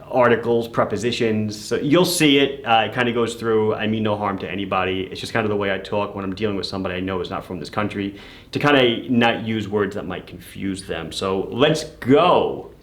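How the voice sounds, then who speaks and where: A man's voice: lowish voice, fairly quick, a bit bright. A man who runs a watch shop, casually telling his viewers a story in a chatty, amused way. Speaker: watch shop owner and channel host.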